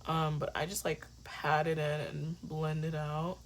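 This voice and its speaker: A young woman chatting casually through a makeup tutorial, joking with her viewers and dropping into soft whispers now and then. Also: deep voice, flat delivery, a little slow, slight background noise. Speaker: beauty vlogger.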